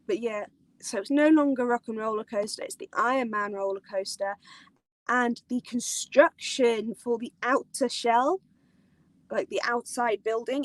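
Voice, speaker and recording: A woman hosting a casual live-stream chat, excitable and rambling, giggling often and using lots of fillers. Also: a little high, no room sound, poor audio. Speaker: host of a live theme park chat.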